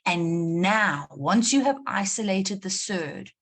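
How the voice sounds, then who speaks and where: Slow and expressive, her mid-range voice guides a live online revision class where she, a maths teacher from South Africa, questions her students. She encourages them and repeats the crucial points for emphasis.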